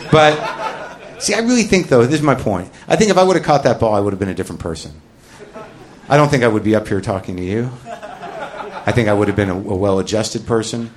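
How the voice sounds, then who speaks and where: A man doing a stand-up comedy routine, telling a rambling, self-deprecating confessional story and breaking into loud shouted bits. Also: fairly low pitch, a little hiss or hum.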